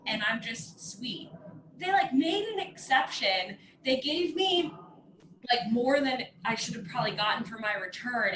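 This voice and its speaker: A woman co-hosting a podcast, telling a story in an animated, chatty way. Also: on the high side. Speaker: podcast co-host. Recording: roomy echo, faint background noise.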